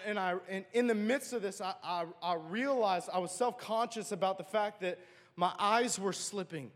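A man with a notably high voice tells an earnest, emotional personal testimony. His words ring out with a long hall reverb trailing behind them. He speaks as a church speaker sharing his own story.

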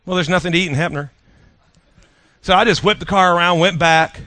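A man's voice: high voice, a little fast, pushed and bright, dry recording. A man preaching a sermon, telling stories in a folksy, conversational way and asking the audience questions. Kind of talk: sermon storytelling.

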